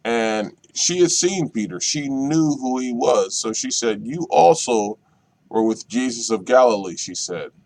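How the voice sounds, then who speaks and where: Brief: male minister at a Bible study, reading a passage then unpacking it, measured and repetitive. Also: medium pitch, expressive, darkish tone. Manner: slow, deliberate, repeats key phrases. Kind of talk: reading and explaining scripture.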